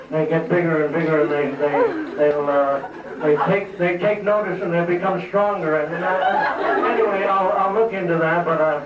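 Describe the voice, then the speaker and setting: A man's voice: fairly high pitch, lo-fi sound, natural voice. Man doing a groggy, just-woken engineer. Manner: groggy, muddled. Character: drowsy male ship engineer just woken. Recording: echoey hall, distant mic, audience noise.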